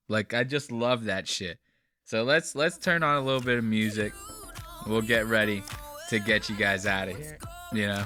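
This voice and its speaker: A man's voice: lowish voice, normal speed, sharp tone, no echo, clean studio sound, soft background music. A man hosting a podcast, reacting to clips in a loose, rambling, giddy way. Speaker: podcast host. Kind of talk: casual commentary on clips.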